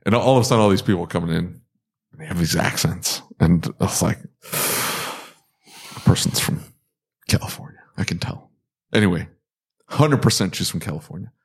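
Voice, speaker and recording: A man co-hosting a podcast, telling animated stories with blunt jokes and frequent laughs. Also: low-pitched, normal speed, creaky, husky. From Kansas City area. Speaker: podcast co-host. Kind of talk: casual chat.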